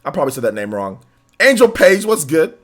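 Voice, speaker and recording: A man's voice: fairly high pitch, very animated, a little fast, a bit bright. A young man hosting a livestream in casual chat, reading donations with laid-back slangy banter and frequent laughter. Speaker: livestream host.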